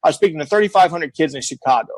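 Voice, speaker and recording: Middle-aged guy telling stories, blunt, keeps repeating stuff, kinda high voice, dry close sound. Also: lively intonation, very fast, a little mellow, slightly rough, no echo. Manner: emphatic, blunt, repeats himself for effect. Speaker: guest. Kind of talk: casual storytelling.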